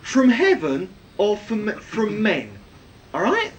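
A man preaches with a lively, rising and falling voice, pressing his listeners with rhetorical questions. He is recorded from some distance from the mic, with a faint low rumble underneath. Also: takes it slowly. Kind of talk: sermon, Bible teaching.

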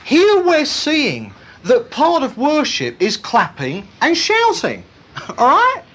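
A preacher delivering a sermon in an animated, humorous way, laughing at his own jokes. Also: high-pitched, takes it slowly. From Britain.

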